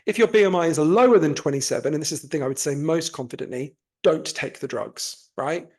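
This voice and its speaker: Posh-sounding english man, slightly high. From North London, England. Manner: animated, swears casually, self-correcting restarts. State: under the weather. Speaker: guest author. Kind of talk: casual podcast interview.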